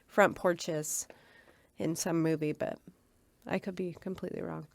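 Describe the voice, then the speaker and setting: A woman co-hosting a podcast, chatting casually and reacting with quick comments and laughs. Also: fairly low pitch, steady tone, gravelly. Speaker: podcast co-host.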